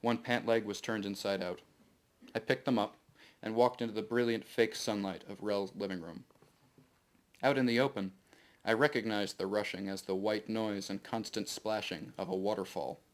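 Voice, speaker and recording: A man reading his own novel aloud to a live audience in steady first-person narration. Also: on the low side, normal speed.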